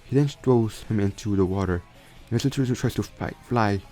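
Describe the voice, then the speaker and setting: Low-voiced young man retelling a story. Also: moderate pace, dark tone, faint music behind. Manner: rambling with frequent restarts and self-corrections. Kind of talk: casual retelling of a fan story.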